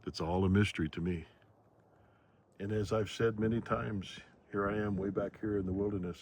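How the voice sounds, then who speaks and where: A man vlogging outdoors in the woods, musing slowly and philosophically as he walks. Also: on the low side, fairly even intonation, a little mellow, slight background noise. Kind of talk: reflective outdoor vlog narration.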